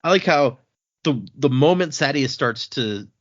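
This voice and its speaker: A man hosts a relaxed podcast, recapping chapters and slipping into quick impressions of the characters. His voice is a little husky and moves lively up and down. The audio is muffled and lo-fi. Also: medium pitch. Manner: retells scenes, acts out character quotes. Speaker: podcast host. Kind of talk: casual book-discussion chat. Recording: dull lo-fi audio.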